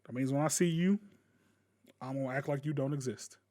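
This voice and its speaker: A man ranting casually to camera as a gaming YouTuber, blunt and profane, with sudden loud bursts. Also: mid-range voice, brisk.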